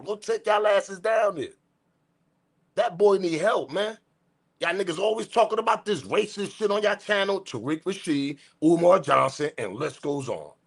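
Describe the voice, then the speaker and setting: A man hosting a news commentary channel, ranting in a profane, slangy, repetitive way, swinging from muttering to shouting. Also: on the high side, husky. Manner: profane, repetitive, slangy, keeps saying respectfully. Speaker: host.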